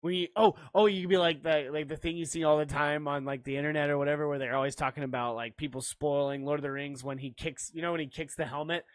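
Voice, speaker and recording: A man's voice: fairly high pitch, steady tone, fast, hardly any pauses, no echo. A man co-hosting a podcast, chatting casually in a rambling, laughing, profane way. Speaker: podcast co-host.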